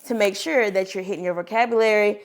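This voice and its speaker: A woman who teaches preschool gives a read-aloud teaching demonstration, speaking fast at a medium pitch. She is animated and expressive and throws in playful sound effects.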